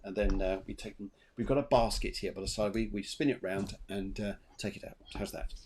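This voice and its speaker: A man hosting a live show and giving psychic readings in a chatty, animated way, laughing often. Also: fairly low pitch, fairly quick, a little hiss or hum. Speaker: medium and show host.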